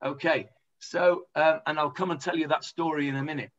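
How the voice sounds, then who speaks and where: A man's voice: fairly high pitch, fairly even intonation, a little fast, fairly bright tone, lo-fi sound, slight background noise. A man with an English accent teaching an informal Talmud class, chatty and full of hesitations. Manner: chatty explaining, lots of hesitations.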